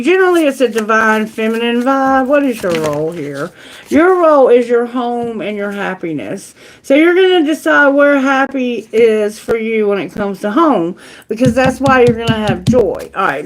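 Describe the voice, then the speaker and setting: A woman's voice: on the high side, rough recording. Chatty, frank woman reading tarot. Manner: chatty, animated, frank and jokey. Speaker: tarot reader. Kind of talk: live-streamed tarot reading.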